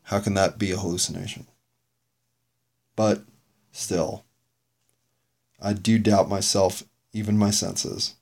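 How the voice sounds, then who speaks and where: A man's voice: lowish voice, a little mellow. A man hosting his own podcast, rambling through a reflective and self-critical solo monologue. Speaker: podcast host reviewing his own episodes.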